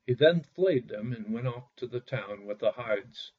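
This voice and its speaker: A man narrating a bedtime fairy tale in a lively reading, putting on voices for the characters, on a dull lo-fi recording. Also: mid-range voice, a little slow, husky. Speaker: storyteller.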